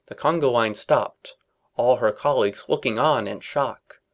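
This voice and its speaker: A man's voice: medium pitch, unhurried. A man narrates a comedic fan-fiction story aloud. His delivery is dry and mock-serious, giving silly lines grave weight.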